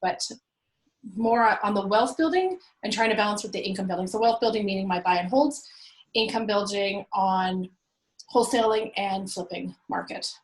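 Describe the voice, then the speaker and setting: Animated woman telling a story, echoey room. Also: mid-range voice, normal speed. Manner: animated, acts out her own past quotes. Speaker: guest, real estate investor and landlord. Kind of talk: conversational storytelling.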